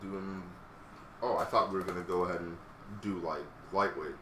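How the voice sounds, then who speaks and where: A man's voice: sits low, steady tone, normal speed, sharp tone, recorded from a distance. A man playing a fighting game with friends, laid-back with short replies and frustrated cursing. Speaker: gamer. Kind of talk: casual let's play banter. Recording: echoey room, away from mic, faint hiss.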